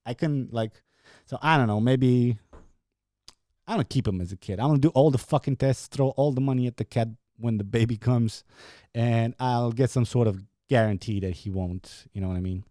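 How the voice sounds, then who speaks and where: A man's voice: mid-range voice, normal speed, warm tone, dry recording, clean studio sound. A young man hosting a podcast, chatting casually with viewers in a rambling, profane way with frequent laughs. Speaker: podcast host. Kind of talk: casual chat with live viewers.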